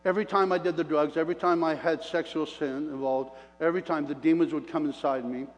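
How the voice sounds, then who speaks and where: A man preaching his testimony as an animated storyteller, folksy and plain-spoken, calling out to the congregation. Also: fairly high pitch. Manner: animated storyteller with preacher call-outs to the crowd; folksy self-described redneck talk. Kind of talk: sermon testimony. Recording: long reverb of a large hall.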